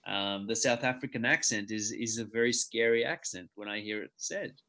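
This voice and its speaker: A man from Australia, a stand-up comedian whose accent has softened from living in Britain, talking in a relaxed interview with frequent restarts and ums. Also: on the low side. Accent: Australian, softened by years in Britain. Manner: halting, many restarts and ums. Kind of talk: casual interview.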